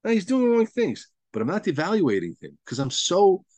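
Rabbi teaching a study class; animated, swooping pitch, slightly high voice, emphatic and repetitive, dry close sound. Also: male voice, fairly quick, no room sound. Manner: animated, emphatic, repeats words as he builds a point; mixes Hebrew and Yiddish terms into his teaching. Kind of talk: Torah lesson to a study group.

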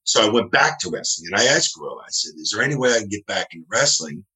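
A man's voice: on the low side, very animated, rapid-fire, bright, forceful tone. A man, a referee telling rambling anecdotes from home over a video call and acting out the voices of the people he quotes. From New Jersey, USA. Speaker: wrestling referee, guest. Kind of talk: casual interview storytelling. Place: his home.

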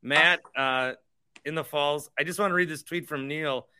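Bright, excitable sports podcast man. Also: fairly high pitch, moderate pace, clear, resonant tone. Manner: animated, sarcastic, swearing. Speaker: podcast host. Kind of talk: heated sports talk.

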